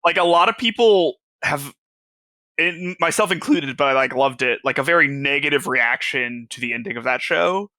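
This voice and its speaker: Casting: bright, slightly high male podcast co-host, hesitant filler-heavy chat, dry sound. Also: moderate pace, no room sound. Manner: laughing often, hesitant with many fillers. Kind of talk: casual chat.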